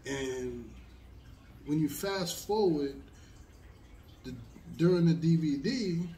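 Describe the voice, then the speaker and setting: A man's voice: on the high side, slow, dark tone, reverberant, recorded from a distance. A man telling a long story in a casual, rambling way, with many fillers. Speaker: host.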